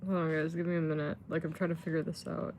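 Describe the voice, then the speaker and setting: A woman's voice: low-pitched, little pitch movement, quick pace, a little mellow, a little hiss or hum. A woman livestreaming in casual chat, rambling with lots of fillers and swearing when frustrated.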